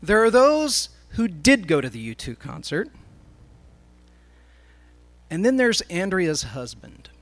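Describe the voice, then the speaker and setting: High-voiced man telling a story. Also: big pitch swings, takes it slowly, long pauses. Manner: storytelling, addressing a live audience. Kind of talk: sermon.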